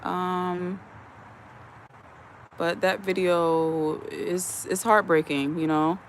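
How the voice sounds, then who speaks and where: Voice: medium pitch, flat delivery, very slow, a little hiss or hum. A host chatting casually on a livestream from outdoors, greeting viewers one by one and reading their comments aloud into a phone. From USA. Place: outdoors in the evening, chilly. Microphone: phone camera, speaker behind it.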